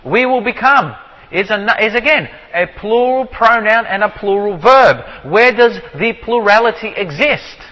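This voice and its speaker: A man teaching from the Bible, explaining with repeated rhetorical questions and slowing down to stress key words. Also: sits high, lively intonation, bright, forceful tone, long reverb tail, poor audio. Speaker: preacher.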